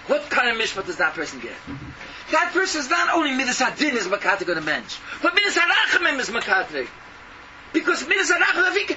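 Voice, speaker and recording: A man delivers a fervent, scolding sermon full of rhetorical questions. His voice sits very high and swings widely. He is heard from a distance on a noisy recording. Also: sing-song, fast, muffled recording. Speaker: preacher. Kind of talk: impassioned sermon.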